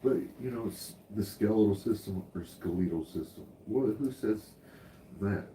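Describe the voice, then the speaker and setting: A man's voice: on the low side, moderate pace, mellow, distant mic, slight background noise. A man receiving a massage, groaning and exclaiming at the pressure while chatting casually. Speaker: massage client. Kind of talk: casual reactions during a massage. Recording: echoey room, voice off-mic.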